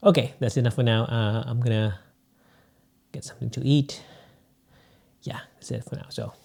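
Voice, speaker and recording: A man's voice: medium pitch, steady tone, normal speed, creaky, noisy background. A man with a Filipino Bisaya accent, rambling casually as he tests microphones in a room for a vlog. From Philippines. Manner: rambling, unscripted, lots of fillers. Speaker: vlogger. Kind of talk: casual gear-testing vlog. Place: indoor room. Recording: echoey room, mic changes.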